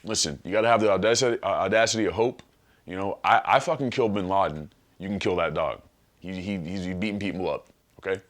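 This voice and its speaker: A man's voice: low voice, fast talker, close to an everyday voice. A man doing a joking impression of a former president, urging the listener on with profane, persuasive insistence. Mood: urgent. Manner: urgent, persuasive, profane pep talk. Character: mock Barack Obama, a smooth, persuasive male ex-president.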